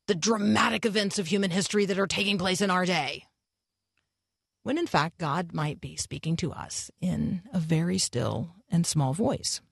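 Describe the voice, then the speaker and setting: A woman hosts a morning radio program, reflecting earnestly and pausing with small fillers as she talks. Her voice sits on the low side and sounds close and dry, with no room around it. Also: vocal fry, no room sound. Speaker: radio host. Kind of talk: devotional radio talk.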